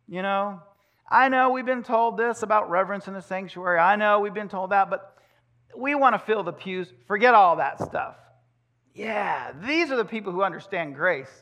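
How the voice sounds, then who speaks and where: A man preaching a sermon in a church, animated and acting out the voices of the people he quotes. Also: high voice.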